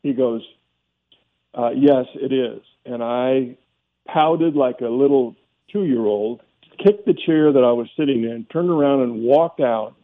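A man's voice: medium pitch, unhurried. A man, a former football player, telling a candid story as a guest in a radio interview. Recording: tinny phone line.

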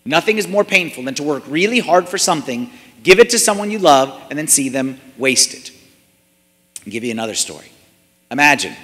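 Bright-voiced male preacher, echoey church. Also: medium pitch. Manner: asks the congregation many rhetorical questions and repeats phrases for emphasis. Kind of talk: sermon.

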